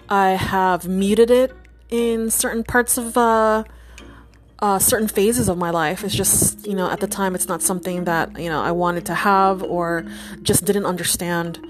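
A woman telling a personal story in a casual, chatty way, full of fillers and restarts and acting out the voices of the people in it. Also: medium pitch. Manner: animated, chatty, many fillers and restarts, acts out quoted voices. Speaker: storyteller and psychic nurse.

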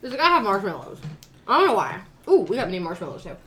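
A woman's voice: medium pitch, sing-song, very fast, a bit bright, a little hiss or hum. A woman co-hosting a casual group chat, chatty and laughing often. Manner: chatty, laughs often, lists things eagerly. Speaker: co-host.

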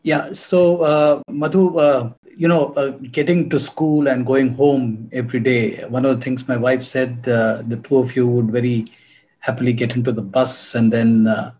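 Mellow man interviewer, hesitant. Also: mid-range voice, flat delivery, normal speed. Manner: hesitant questioning with many fillers. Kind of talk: casual conversational interview.

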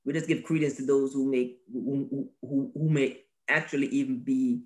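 A man's voice: medium pitch, steady tone, normal speed, darkish tone. A man co-hosting a casual religious podcast, talking with preachy emphasis, repeating phrases and laughing often. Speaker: podcast co-host.

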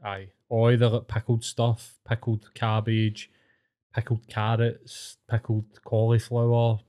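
Mellow-voiced Scottish man, eager and sweary. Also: lowish voice, monotone, takes it slowly. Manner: enthusiastic, sweary banter. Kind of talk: casual chat.

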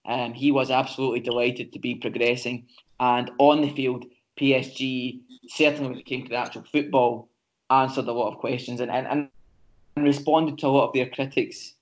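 A man co-hosting a casual football podcast, his pitch staying flat and even as he works through his points. He talks in a measured way, often pausing on ums and restarting sentences. The audio is slightly dull and lo-fi. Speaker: podcast co-host.

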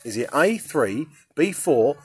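A man's voice: fairly high pitch, very animated, takes it slowly, husky. A young man hosting a casual quiz for his football teammates, cheeky and sweary, laughing often. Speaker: quiz host for a football team. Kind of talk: casual banter.

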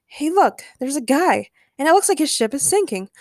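An earnest, eager young man who calls out to help others and sighs with relief once things settle, as a woman reads him. The voice is fairly high and the recording dry and close. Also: very animated, normal speed, no echo.

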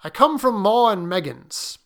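An uneasy, formal male messenger from a spoken story, read by a male narrator. He talks in a measured, restrained way, pitched a little above the narrator's own voice. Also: sing-song, a bit bright, full character voice. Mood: grave. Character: uneasy formal male visitor, middle-aged.

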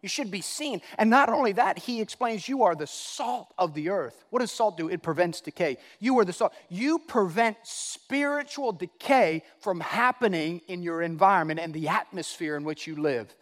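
High-voiced male pastor preaching in a hall. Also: animated, moderate pace, few pauses. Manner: emphatic, repeats key phrases, swings from loud to hushed. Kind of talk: sermon.

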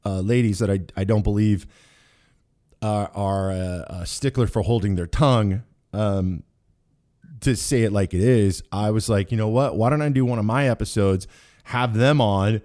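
Low-voiced man hosting a rambling podcast. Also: moderate pace, warm tone. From Kansas. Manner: rambling, joking, full of restarts. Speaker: podcast host. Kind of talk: casual podcast chat.

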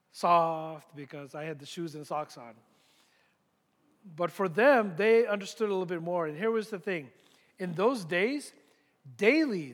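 A man preaching a sermon as a pastor, deliberate and emphatic, repeating key points with pauses. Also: sits high, a bit bright. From United States. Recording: long reverb from a large hall.

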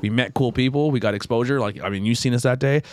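This podcast host is a man with a medium-pitched voice who speaks quickly, recorded with no echo on a podcast microphone. His casual chat wanders loosely, profanity sprinkled throughout as he spins his stories.

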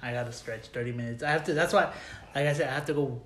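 A man's voice: mid-range voice, fast, a little hiss or hum. A man in his late twenties co-hosting a podcast, drunk and swearing freely through loose banter. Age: late 20s. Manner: loose, profane, laughing banter. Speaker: podcast co-host. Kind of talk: casual chat. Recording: roomy echo.

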